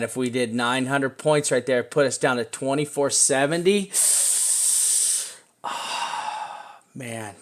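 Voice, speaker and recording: A mid-range-voiced man, a crypto analyst, walks through trading charts in a casual, excitable way. He talks to the chart as he goes and drops in casual swears.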